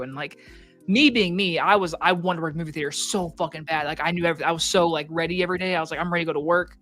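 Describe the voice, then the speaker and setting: A person in their twenties tells a story in a loose, profane chatting style, acting out each character along the way. The voice sits at a middle pitch, and faint music plays underneath. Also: quick pace. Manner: profane, animated, acts out quoted customers. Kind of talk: casual chat, storytelling.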